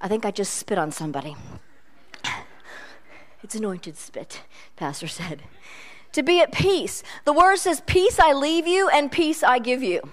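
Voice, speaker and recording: A woman's voice: high voice, sing-song, fairly quick, hardly any pauses, fairly bright tone. A middle-aged woman preaching a sermon in a chatty, self-deprecating storytelling way.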